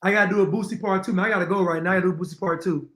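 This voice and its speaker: A man's voice: high-pitched, fairly even intonation, rapid-fire, fairly bright tone. A man giving opinionated reaction commentary to viewers, repeating his points and addressing them directly. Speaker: commentary streamer.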